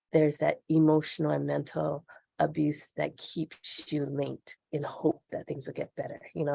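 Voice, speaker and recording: A woman's voice: low-pitched, vocal fry, dark tone, breathy edge, no echo, studio quality. A middle-aged woman speaking as a podcast guest, earnest and reflective as she talks openly. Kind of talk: candid interview conversation.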